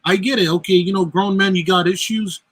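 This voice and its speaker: A man's voice: high voice, fairly even intonation, fairly quick, fairly bright tone, no echo, rough recording. A man calling into a live chat, ranting heatedly and accusing someone at length. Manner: heated, accusing rant with cursing. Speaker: call-in guest. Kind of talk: casual chat.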